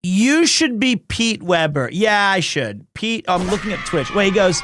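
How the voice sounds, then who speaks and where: A man streaming live in casual chat, excitable, often breaking into shouts and laughter. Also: sits high, a little slow, hardly any pauses, noisy background. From United States.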